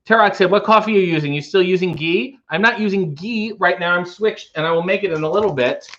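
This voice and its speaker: A man hosting a casual livestream, reading viewer comments aloud and answering with wry, deadpan, rambling jokes. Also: sits high, quick pace. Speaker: livestream host reading chat. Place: home, making coffee. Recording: lo-fi muffled stream audio.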